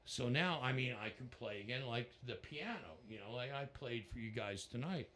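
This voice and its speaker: An American man, a rock musician, telling stories in a casual interview, animated and breaking into laughter and voices. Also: moderate pace, background noise. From United States. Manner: animated, jumps into high-pitched voices and laughs. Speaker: musician guest.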